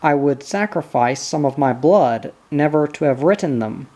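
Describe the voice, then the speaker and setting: A reader voicing an eighteen-year-old prince who talks in a proud, intense and resentful way. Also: male voice, fairly high pitch, animated, normal speed, dark tone. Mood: bitter earnest. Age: teens.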